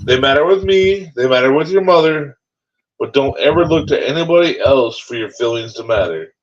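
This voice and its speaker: A man's voice: mid-range voice, animated, moderate pace. A man in casual conversation, telling a story with emotion and repeating his words as he goes. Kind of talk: casual chat. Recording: slightly dull, faint hiss.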